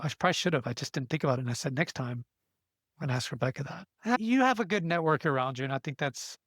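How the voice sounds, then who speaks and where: A man's voice: a little high, a bit bright, no room sound. A middle-aged man hosts a casual interview, chatty and encouraging, rambling with restarts. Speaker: podcast host.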